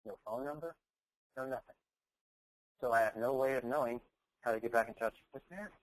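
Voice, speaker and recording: A man's voice: medium pitch, brisk, rough recording. Man telling a story from a stage. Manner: storytelling with emphatic, rising quoted dialogue. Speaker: keynote speaker. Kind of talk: motivational speech.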